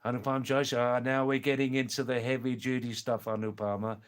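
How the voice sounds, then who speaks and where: A man chats on his live stream, answering viewers' comments in an unhurried, reflective way. He hesitates often and fills gaps with "um" and "uh". His voice sits at an everyday middle pitch. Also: flat delivery, clear, resonant tone. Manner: slow, thoughtful and hesitant, with many pauses and fillers.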